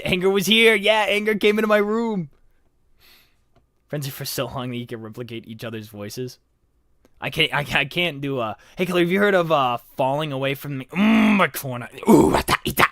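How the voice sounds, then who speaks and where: A man's voice: medium pitch, a bit bright, no echo, clean studio sound. A young man streaming in character as a laid-back male skeleton fan character, casual, giggly and self-mocking. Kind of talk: in-character livestream chat.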